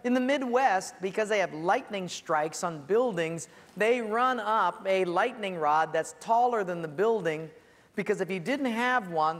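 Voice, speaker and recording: A man preaching a sermon as a pastor, telling stories with lively acted-out voices and sudden shouts. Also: high voice, moderate pace, long reverb tail. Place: church.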